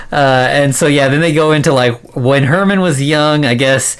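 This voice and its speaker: A man's voice: on the high side, unhurried, smooth. A man co-hosting a podcast, recapping an old movie in a rambling, casual way with lots of fillers and laughs. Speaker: podcast co-host.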